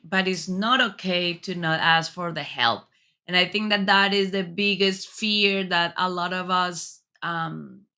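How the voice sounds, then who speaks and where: A woman hosting a talk show interview, speaking in an earnest, encouraging way with thoughtful, slightly halting phrasing. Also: mid-range voice, bright, forceful tone.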